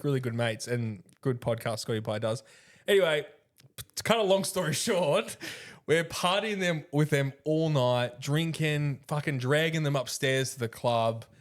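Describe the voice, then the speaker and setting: A man's voice: fairly high pitch, expressive, a little slow. A man co-hosting a podcast, telling a rowdy night-out story, laughing often, swearing freely and acting out what others said. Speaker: podcast co-host. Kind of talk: casual storytelling chat.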